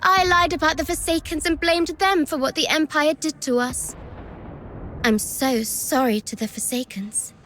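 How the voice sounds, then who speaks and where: A woman's voice: sits high, normal speed, fairly bright tone, a little hiss or hum. An actress voicing a mocking, treacherous young woman in a video game, taunting with theatrical sarcasm. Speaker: game character.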